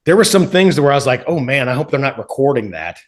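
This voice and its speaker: A man's voice: medium pitch, big pitch swings, fast talker. A man co-hosting a casual talk show, making blunt, profane remarks and drawing out his words. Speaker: podcast co-host. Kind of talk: casual chat.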